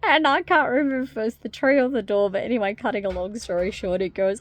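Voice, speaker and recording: A woman talking casually to camera in a spiritual vlog, rambling softly with many fillers. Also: on the high side, quick pace, few pauses, no echo. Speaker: spiritual vlogger.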